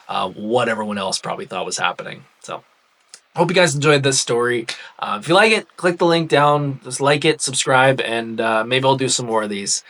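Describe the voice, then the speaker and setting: Chatty man telling a funny story. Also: medium pitch. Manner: chatty, animated retelling with fillers. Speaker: storyteller vlogger. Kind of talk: casual storytelling.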